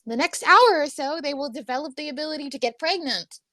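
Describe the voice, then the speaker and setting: A woman's voice: high voice, brisk, pushed and bright, no echo. Blunt woman playing a tabletop game. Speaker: player. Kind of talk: in-character roleplay.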